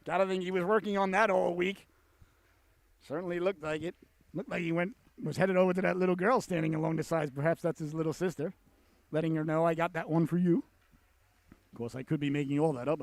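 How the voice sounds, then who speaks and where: A man calling a youth hockey game play by play, folksy and joking with the listeners, bursting into excited shouts on big chances. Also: a little high, fast talker, creaky, dry recording. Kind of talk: sports commentary.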